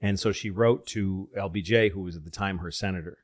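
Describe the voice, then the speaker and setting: A male comedian hosts a casual podcast in a low voice. He tells rambling, profane stories and often breaks off to restart a sentence. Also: a little fast, dry recording, studio quality. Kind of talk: casual chat, storytelling.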